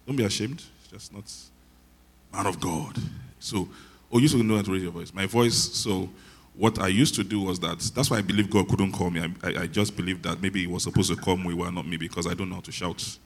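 A man preaching a sermon, soft-spoken and conversational, with self-deprecating humor. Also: low-pitched, brisk, husky. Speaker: pastor.

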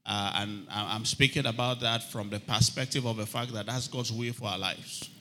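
A male pastor preaching a sermon in a low-pitched, bright and forceful voice. He calls for amens from the congregation and lifts his voice to read scripture with growing emphasis. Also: steady tone, moderate pace. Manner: reads scripture aloud with rising emphasis.

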